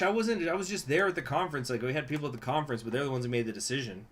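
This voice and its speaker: A man's voice: medium pitch, racing, a bit bright. A man streaming a strategy game, reading event text aloud and joking crudely with his chat between passages. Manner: casual, laughing, crude asides between read-aloud passages.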